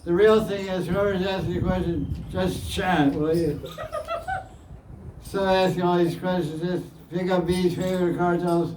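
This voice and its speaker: Male spiritual teacher, high voice, unhurried and repetitive; distant, roomy recording. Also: fairly even intonation. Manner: plain-spoken, repeats phrases, chuckles often. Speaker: spiritual teacher answering questions. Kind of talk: devotional question-and-answer talk. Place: indoor gathering room. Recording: echoey room, distant mic, faint hiss.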